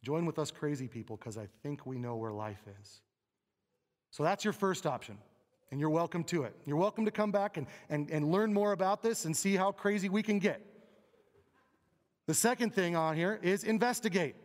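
Pastor preaching easter, kinda high voice, talky and emphatic, long hall echo. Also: male voice, normal speed. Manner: conversational, emphatic, asks the crowd questions. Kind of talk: Easter sermon. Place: church sanctuary. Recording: long reverb of a large hall.

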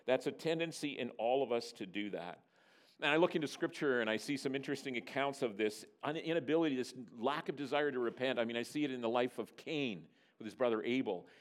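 A man from Northern Ontario, Canada, preaching a sermon and telling stories with lively delivery. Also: mid-range voice, a little fast. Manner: animated storyteller, voicing characters in dialogue. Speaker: pastor. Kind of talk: sermon with storytelling.

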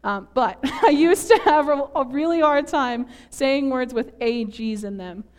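A woman from northern Minnesota delivers a Sunday sermon to her congregation in a church. Her voice sits a little high. She talks in a chatty, self-deprecating way and laughs often at herself. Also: a little slow, a little mellow. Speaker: preacher.

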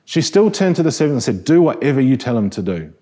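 A fast-talking preacher with a New Zealand accent delivers his sermon casually, restarting phrases and asking the congregation questions. His medium-pitched voice is warm and mellow with a faint husky edge.

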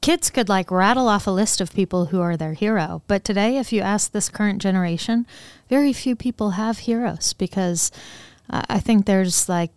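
A woman guest on a podcast, talking in a thoughtful, relaxed way in a studio. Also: mid-range voice, moderate pace, clear, resonant tone, no room sound. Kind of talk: casual conversation.

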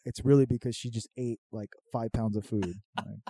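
A young man telling a funny story in casual chat, animated and profane, often laughing. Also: medium pitch, normal speed, husky, dry recording.

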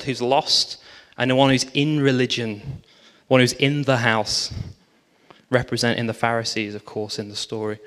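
A pastor animatedly relates a sermon story at the front of a church hall, voicing the characters and quoting their lines. He has a typical mid-pitched male voice, and each phrase is followed by the long echo of the big room.

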